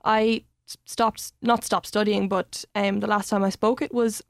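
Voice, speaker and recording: A woman's voice: medium pitch, flat delivery, measured pace, creaky, no echo. Young Irish woman, student guest, friendly and self-deprecating, dry studio sound. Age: young adult. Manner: friendly, laughs easily, a bit self-deprecating. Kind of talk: casual studio chat. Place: radio studio. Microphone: studio microphone.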